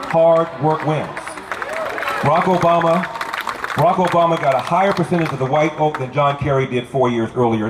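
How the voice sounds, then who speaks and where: A man's voice: a little high, fairly quick. A man from Los Angeles speaking as a candidate at an outdoor rally, telling stories and hammering home short repeated lines. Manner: storytelling with punchy repeated lines. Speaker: political candidate. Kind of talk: outdoor campaign rally speech. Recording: echoey crowd recording. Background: crowd noise.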